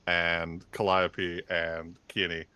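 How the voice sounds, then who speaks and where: A man chatting casually as a regular cast member of a tabletop game show, excitable and quick to laugh. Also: low-pitched, clear, resonant tone, dry recording. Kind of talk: casual chat.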